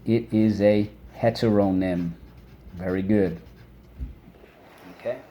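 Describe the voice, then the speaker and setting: A man teaching a phonics lesson for children, patient and encouraging, saying words aloud and pausing for the class to repeat them. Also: fairly low pitch, steady tone, dull audio, slight background noise. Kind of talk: phonics lesson with call-and-response drills.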